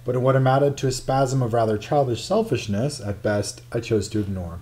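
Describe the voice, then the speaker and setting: A man's voice: medium pitch, expressive, fairly quick, mellow. A man narrating a first-person memoir in a wry, confiding storytelling manner. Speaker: audiobook narrator.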